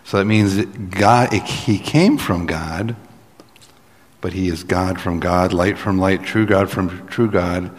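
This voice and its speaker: Low, slow-paced male preacher in a reverberant hall. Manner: conversational, explanatory preaching with asides. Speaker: pastor. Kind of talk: sermon.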